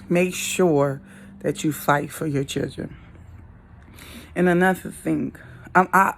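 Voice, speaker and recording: Middle-aged woman vlogger, lower voice, frank, laughs a lot. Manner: candid, laughs a lot, loud mock outbursts. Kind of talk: casual talk to camera.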